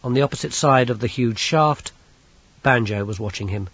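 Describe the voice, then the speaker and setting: A man reads an audiobook in a measured storytelling manner, his voice slightly husky. The sound is dry with no room around it and comes across dull and lo-fi. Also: medium pitch, fairly bright tone, no room sound. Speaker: audiobook narrator. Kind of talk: scripted narration.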